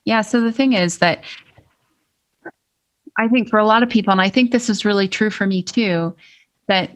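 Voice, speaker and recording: A woman's voice: medium pitch, normal speed. A woman with a mid-range voice talks through ideas on a podcast. She explains her points thoughtfully and stresses key words. Her tone stays conversational. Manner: thoughtful, explains ideas with frequent restarts and emphasis. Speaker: podcast co-host.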